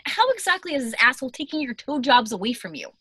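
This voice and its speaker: A chatty young college woman, played by a woman, full of teasing banter. Her voice is bright and set a touch high. The sound is close and dry. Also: big pitch swings, quick pace, husky, no room sound, full character voice. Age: young adult. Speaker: Katie's college friend on the phone. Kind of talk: audio drama acting.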